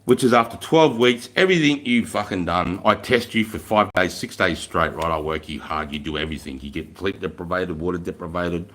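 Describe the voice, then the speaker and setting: A man's voice: low-pitched, a little fast, few pauses, a bit bright. An Australian man in his thirties, a former army instructor, telling stories in a casual live stream with blunt, heavily profane speech.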